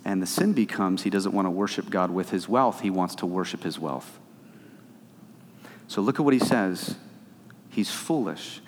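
A man's voice: sits low, animated, normal speed, long pauses. Fervent male preacher in a reverberant hall. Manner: conversational, rising to fervent emphasis. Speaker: pastor. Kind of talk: sermon.

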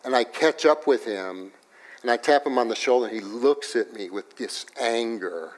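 A man preaching a sermon, telling a personal story in an animated way that swings from loud to hushed, in a church. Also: medium pitch, moderate pace. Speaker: pastor.

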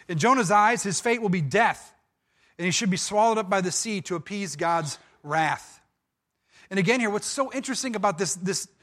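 A man preaching a sermon, walking through a scripture passage with animated storytelling and frequent restarts. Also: sits high. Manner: animated storytelling with dramatized quotes. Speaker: pastor.

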